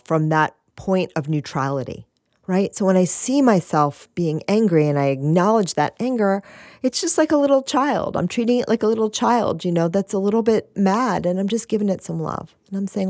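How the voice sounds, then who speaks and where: Woman, low voice, dry close sound, gentle spiritual talk, repeats phrases. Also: no room sound. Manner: gentle, repeats phrases, laughs softly, asks "right?".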